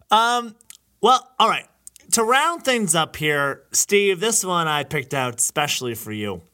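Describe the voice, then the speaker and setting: A man's voice: high-pitched, very animated, takes it slowly, pauses often, bright, forceful tone. A man hosting a podcast in casual chat, laughing often as he talks. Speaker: podcast host.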